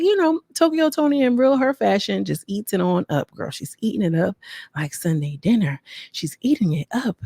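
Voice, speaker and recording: A woman hosts a podcast, chatting in a sassy, gossipy way and talking straight to her viewers. Her voice sits at a middle pitch and sounds dry and close to the mic. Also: gravelly, darkish tone, no room sound. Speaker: podcast host. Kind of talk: casual gossip recap.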